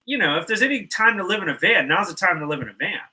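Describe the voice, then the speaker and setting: A man's voice: sits high, animated, fast talker, bright, forceful tone, a little hiss or hum, poor audio. A man co-hosting a casual podcast chat in a studio, laid-back and teasing. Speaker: podcast co-host.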